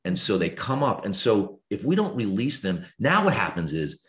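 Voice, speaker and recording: Deep-voiced earnest man in his fifties. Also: normal speed. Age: 50s. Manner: earnest, reflective, lively swings in pitch when explaining. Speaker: guest author. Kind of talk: podcast conversation.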